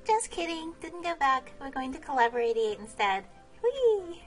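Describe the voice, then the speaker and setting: A woman's voice: high-pitched, animated, normal speed, soft background music. A woman vlogging while she plays, chatting casually, laughing and exclaiming often. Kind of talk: casual game vlog commentary.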